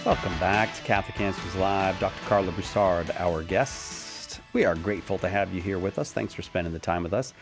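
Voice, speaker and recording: A man's voice: sits low, a little fast, few pauses, music in the background. A man hosting a live call-in radio show, friendly and chatty, with fillers. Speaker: radio host.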